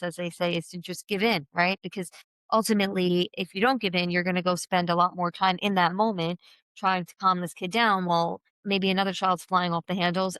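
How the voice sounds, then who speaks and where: A woman's voice: medium pitch, a bit bright, clear, resonant tone, no echo. A woman hosting a podcast interview, talking in an open, chatty, rambling way. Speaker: podcast host.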